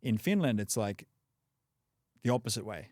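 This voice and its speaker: An Australian man, a native English speaker, chats casually as a podcast guest, leaning heavily on "like" and "you know." His voice is on the low side and his speed normal, captured in a dry, clean studio recording.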